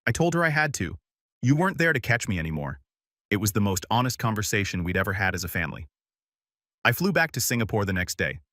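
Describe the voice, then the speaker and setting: Male story narrator, low and calm, even scripted delivery, dry close-mic sound. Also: fast, no echo.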